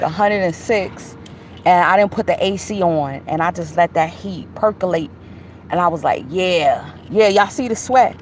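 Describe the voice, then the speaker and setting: A woman vlogs casually from inside her car, loose and unhurried in her delivery. She laughs often and drops slang and curse words freely. A faint vehicle hum sits behind her voice. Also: mid-range voice. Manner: laid-back, laughing, slangy and profane. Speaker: vlogger. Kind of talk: casual chat.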